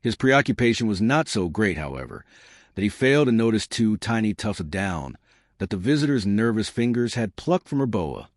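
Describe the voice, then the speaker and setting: Male narrator, low, expressive pitch, dry close read. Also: moderate pace, dry recording. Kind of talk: audiobook narration.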